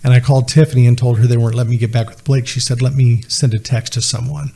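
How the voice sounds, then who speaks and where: Guy on a podcast, mellow warm voice, keeps going "he said" as he tells his story. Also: medium pitch, fairly even intonation, quick pace, vocal fry, husky. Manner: earnest, retells dialogue with many "he said" asides. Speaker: podcast guest. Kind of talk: conversational storytelling.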